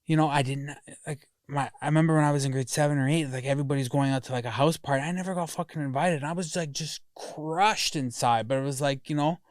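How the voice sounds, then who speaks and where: As a podcast guest from a family of Greek heritage, a man talks candidly and emotionally about his past, swearing freely. His voice leans high and moves quickly with few pauses, in a dry, studio-quality recording.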